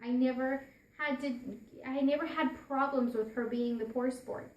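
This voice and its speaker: A woman's voice: sits high, steady tone, moderate pace, roomy sound. A woman giving a personal storytelling talk as a parent, earnest, often restarting and repeating her phrases.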